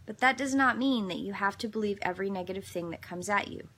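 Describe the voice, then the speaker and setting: A woman's voice: medium pitch, fast talker, fairly bright tone. Earnest woman hosting a daily devotional. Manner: earnest, meandering storytelling with self-corrections. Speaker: devotional host. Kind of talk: daily devotional reading and reflective chat.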